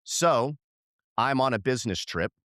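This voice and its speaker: A middle-aged man co-hosting a podcast, telling a story in casual chat and jumping up in pitch when he acts out what people said. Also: moderate pace, no room sound, clean studio sound. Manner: animated storyteller, voices quoted people with jumps in pitch. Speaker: podcast co-host.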